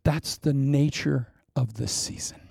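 A man's voice: medium pitch, unhurried, gravelly, darkish tone, husky, no echo, clean studio sound. A man preaching a fervent, conversational sermon and leading a closing prayer.

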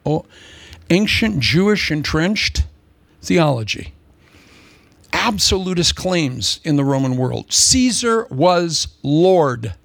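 A man preaching a humorous sermon, sarcastic and animated, slipping into mock voices. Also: a little high, creaky, husky, no echo.

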